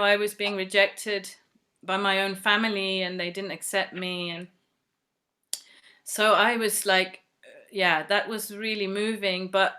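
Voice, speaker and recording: This English woman has a mid-range voice with a sharp tone. A devotee, she shares a personal story in a chatty, earnest way, full of fillers, and acts out other people's voices along the way.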